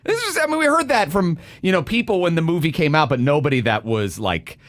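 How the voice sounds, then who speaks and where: A man's voice: fairly high pitch, brisk, no echo. A man co-hosting a radio show, chatting casually and addressing listeners directly in an upbeat way. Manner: upbeat, animated, talks straight to listeners. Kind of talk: casual morning-show banter.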